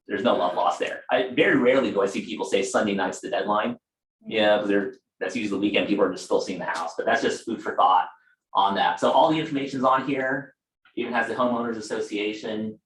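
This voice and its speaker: A man's voice: fairly low pitch, a little fast, echoey room, rough recording. A man running a casual real estate training session for a small group, talking conversationally with fillers and asides.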